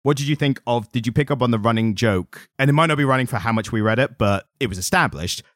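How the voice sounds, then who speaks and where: A man's voice: medium pitch, quick pace, fairly bright tone, no echo, clean studio sound. A man co-hosting a podcast, chatting casually about comics and explaining at length with lots of fillers. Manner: rambling, explains at length with many "like"s. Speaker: podcast co-host.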